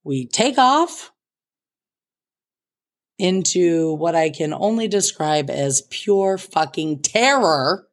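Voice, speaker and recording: Animated sweary woman telling a story. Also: lowish voice, slow pace, pauses often. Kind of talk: casual storytime monologue.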